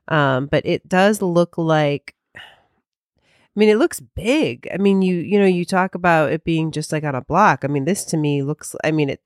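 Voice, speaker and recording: Chatty woman with a lowish voice. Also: no echo, clean studio sound. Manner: chatty, filler-heavy, hesitant. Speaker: podcast co-host. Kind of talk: casual podcast chat.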